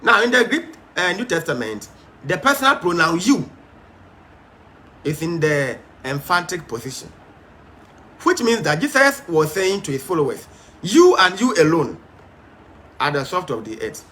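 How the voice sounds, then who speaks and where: A man's voice: a little high, very animated, moderate pace, long pauses, pushed and bright. A man teaching a Bible study in an emphatic, stern, repetitive way, with frequent fillers.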